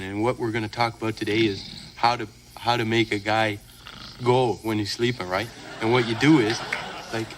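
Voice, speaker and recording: A man's voice: on the low side, lightly acted. A man voicing a laid-back Canadian host of a parody show, rambling with chuckles and a put-on accent. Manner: rambling, chuckling, drawn-out 'eh'. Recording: clear background noise.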